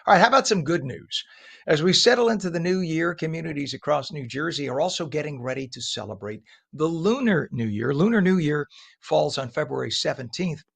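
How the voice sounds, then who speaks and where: A man hosting a live morning show, reading traffic and chatting with a guest in a lively, chatty way, with a frog in his throat. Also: on the high side, a little fast, creaky, breathy edge. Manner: lively, chatty, apologetic asides. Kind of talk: live traffic report and interview.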